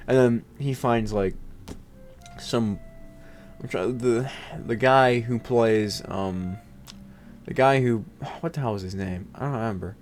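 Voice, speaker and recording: A man's voice: mid-range voice, a little slow, a little mellow. A man chatting casually as a host, rambling with lots of fillers and jokes. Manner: rambling, filler-heavy, joking. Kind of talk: casual chat.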